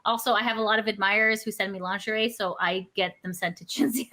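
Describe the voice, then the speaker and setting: A woman's voice: medium pitch, fast, very noisy. A woman co-hosting a podcast, telling rambling, profane stories in casual chat. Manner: rambling, profane, animated storytelling. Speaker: podcast co-host.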